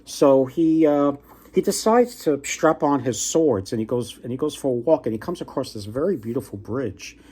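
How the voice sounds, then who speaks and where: A man casually retelling a folktale on his book vlog, with a husky voice at a middling pitch. He talks in a halting way, pausing and restarting often. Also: dark tone. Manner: halting, with many pauses and restarts. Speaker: book vlogger. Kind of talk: casual storytelling.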